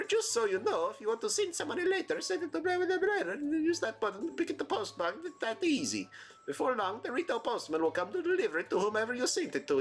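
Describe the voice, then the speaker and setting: A squeaky, chipper cartoon postman. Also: full character voice. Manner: very high, bouncy and excitable.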